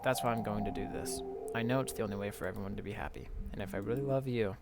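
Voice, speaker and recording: A man's voice: on the low side, quick pace, creaky, music in the background. A man reading aloud the lines of a heartbroken teenage girl character from a game, with pleading, wounded emphasis. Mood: remorseful.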